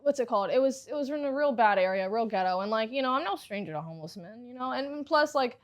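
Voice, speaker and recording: A woman hosting a podcast, telling a story in a casual, animated way, laughing often and swearing freely. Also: a little high, fast. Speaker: podcast host.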